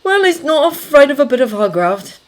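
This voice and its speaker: A woman reading a story aloud, voicing a loyal, measured male army corporal who speaks plainly. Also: high-pitched, sing-song, voice pushed up. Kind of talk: audiobook character voice.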